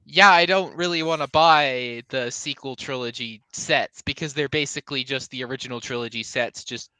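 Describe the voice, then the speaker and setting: A man with a bright, crisp, fairly high voice chats casually as a guest. He hedges a lot, padding his points with fillers, and the sound is dry and close. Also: moderate pace, no room sound, low-quality recording. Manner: hesitant, full of filler words. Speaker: podcast guest. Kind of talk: casual chat.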